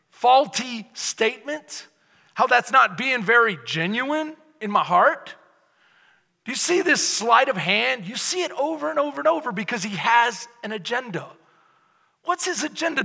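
Male pastor, sermon delivery, forceful and tense tone, gravelly edge, long hall reverb. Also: extremely high pitch. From Texas. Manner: emphatic, rhetorical, mock-quotes opponents. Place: church sanctuary.

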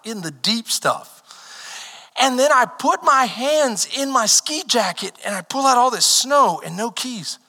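A man delivers a lively sermon in a very high, piercing voice, weaving personal stories into shouted calls to worship. His voice rings out with a long reverb, as if filling a large church sanctuary. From Texas. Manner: animated storytelling, rising to shouted exhortation. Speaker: pastor.

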